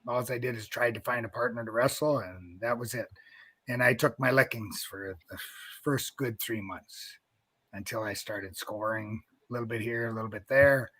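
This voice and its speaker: A man's voice: mid-range voice, normal speed, fairly bright tone, husky, dry recording. A man in his fifties from North Dakota, a wrestling coach being interviewed, telling a long story in a rambling way with many restarts.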